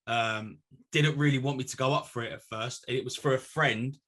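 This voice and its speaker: A middle-aged man chats as a guest on a talk show. His voice is bright, at an ordinary pitch for a man. He tells stories in a relaxed, chatty way and laughs easily. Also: normal speed. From North West London. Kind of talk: casual chat.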